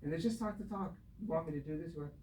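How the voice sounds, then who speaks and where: Male acting coach, mellow voice, patient and directive, echoey room, off-mic. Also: a little high, quick pace, a little hiss or hum. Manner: patient, directive, wears a mask. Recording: roomy echo, distant mic.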